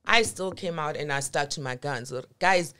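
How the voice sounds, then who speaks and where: A woman's voice: sits low, normal speed, bright, forceful tone, clean tone. A woman, a podcast guest telling her story in a blunt, emphatic way and swearing freely. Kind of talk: candid conversational storytelling.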